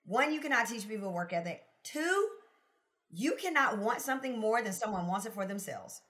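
A woman guest in a casual interview, telling her story in an expressive, emphatic way and laughing often. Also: mid-range voice, normal speed. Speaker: podcast guest, sales consultant.

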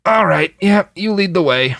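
A man doing a gruff wounded man, muttering. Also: high voice, lively intonation, moderate pace, fairly bright tone, dry recording, clean studio sound, voice pushed up, full character voice. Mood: pained.

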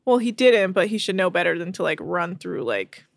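A woman's voice: fairly low pitch, lively intonation, vocal fry, no echo. Woman, podcast host, casual recap, chatty, filler-heavy, dry close mic. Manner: chatty, rapid storytelling with many fillers.

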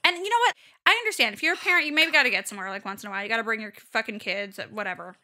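A young woman co-hosting a podcast in casual chat, animated and rambling, swearing often. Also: on the high side, rapid-fire. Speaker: podcast co-host.

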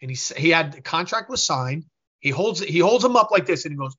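A man's voice: on the high side, quick pace, husky, dull audio. A man who is a business owner, talking as a guest in an interview and telling a story while acting out the voices of the people in it. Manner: animated, acts out quoted voices.

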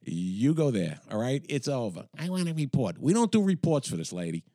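A man talks bluntly, like the police officer he was, his pitch bouncing up and down in lively swings. He sounds close and dry, with no room around him. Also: quick pace, dry recording. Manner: blunt, animated storytelling. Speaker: retired police officer, guest. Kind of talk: casual podcast chat.

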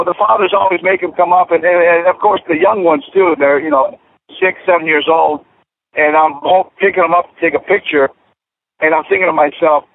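A man in his fifties, a former football player, telling stories in a casual radio interview, animated and full of restarts. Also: sits high, a little fast, creaky, a little hiss or hum. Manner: animated, many restarts and fillers. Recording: tinny phone-line radio audio.

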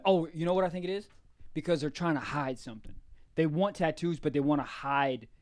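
A man co-hosting a podcast, in crude comedic banter, loud and excitable, laughing and swearing often. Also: fairly high pitch, brisk, no room sound. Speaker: podcast co-host.

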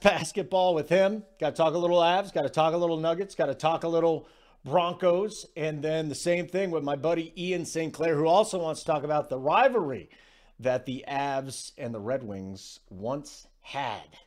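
Casual male sports betting host, slightly high voice, conversational. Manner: conversational, self-deprecating, quick asides.

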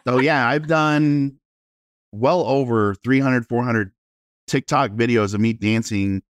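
Animated self-deprecating man telling stories. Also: mid-range voice, takes it slowly, dry recording. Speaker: realtor guest. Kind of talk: casual interview storytelling.

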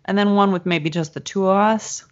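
A woman co-hosting a casual podcast chat, slowing down and drawling when she savors a topic, swearing playfully. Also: mid-range voice. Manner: drawls slowly on favorite things, swears playfully. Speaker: podcast co-host. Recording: dull lo-fi podcast audio.

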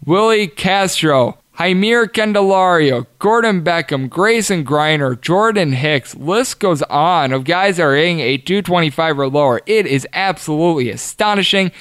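A man hosts a sports betting show, firing off statistics and odds at speed with emphatic punches. His voice sits a bit high for a man, smooth and clear, recorded dry and close with no room sound. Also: fairly bright tone, no room sound. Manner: rattles off stats quickly, emphatic. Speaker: sports betting podcast host. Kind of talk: fast scripted-style sports betting analysis.

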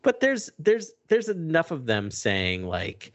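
A man co-hosting a casual podcast chat, animated and self-deprecating with quick laughs. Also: mid-range voice, muffled recording. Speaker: podcast co-host.

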